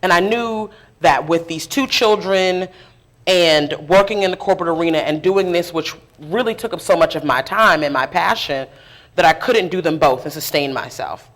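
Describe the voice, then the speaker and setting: Candid, animated woman activist storyteller. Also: lowish voice. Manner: animated, candid, quick to laugh at herself. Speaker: food justice activist and community organizer. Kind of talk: conversational storytelling in a public interview. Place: live interview event before an audience.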